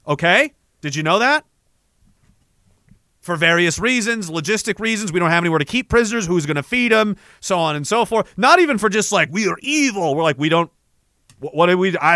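A man from Canada hosting a casual livestream, telling stories in a profane, rambling, animated way. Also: fairly high pitch, clear, resonant tone, no echo, clean studio sound. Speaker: livestream host.

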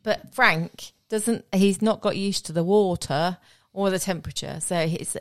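A woman's voice: mid-range voice, a little slow, no room sound. A woman from Oxford co-hosting a podcast, chatting casually with long, meandering explanations. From Oxford, England. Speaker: podcast co-host. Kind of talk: casual chat.

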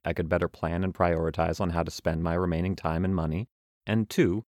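Low-voiced wry young man narrating. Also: no room sound, clean studio sound. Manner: wry, self-mocking. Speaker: travel podcast narrator. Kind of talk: reading a travel journal aloud.

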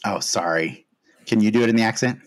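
A man hosting a podcast in casual chat, relaxed and hesitant, with frequent fillers. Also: on the low side, brisk. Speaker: podcast host.

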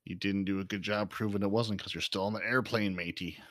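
Man co-host, bright and close, lower voice, teasing with pirate slang. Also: steady tone, quick pace. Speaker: podcast co-host. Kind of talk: casual chat.

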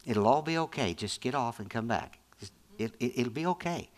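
A preacher voicing a soft, patient God. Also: male voice, animated, moderate pace, lightly acted. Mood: soothing. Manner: soft, low, soothing. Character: gentle, patient, reassuring God.

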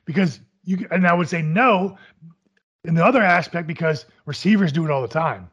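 A man co-hosting a casual sports talk show, giving measured opinions that weigh both sides. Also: on the high side, lively intonation, a bit bright, slightly rough, muffled recording. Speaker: podcast co-host.

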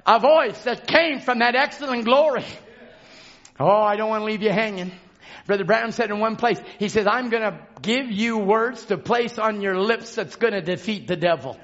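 A man preaching a fervent sermon in a church, shouting and calling out to the congregation. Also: high voice, moderate pace, highs cut off. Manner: shouting, call-and-response exhortation. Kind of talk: fervent Pentecostal-style sermon. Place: church sanctuary.

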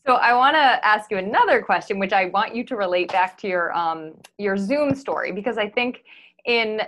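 A woman hosting a casual podcast interview, playful and quick to laugh as she asks her questions. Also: mid-range voice, expressive, fairly bright tone, slight background noise. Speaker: podcast host.

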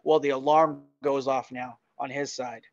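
A man telling a story as a podcast guest in casual, animated chat, often laughing. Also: mid-range voice, normal speed, no room sound, lo-fi sound.

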